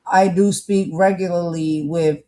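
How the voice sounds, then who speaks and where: A woman's voice: on the low side, fairly even intonation, measured pace, warm tone. Emphatic woman podcast co-host, Jersey accent with a North Carolina touch, talks with fire and rhetorical "okay?"s. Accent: New Jersey with a touch of North Carolina. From New Jersey. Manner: emphatic, fired-up, uses "y'all" and "okay?". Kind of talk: candid casual commentary.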